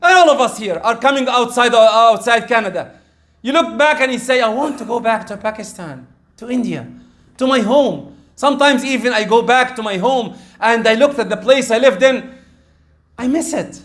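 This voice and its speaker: A man preaches in a loose, conversational way, speaking straight to the congregation. He breaks into quick verse recitation and then explains it plainly in English. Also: extremely high pitch, fairly bright tone. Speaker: imam giving a sermon. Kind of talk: sermon.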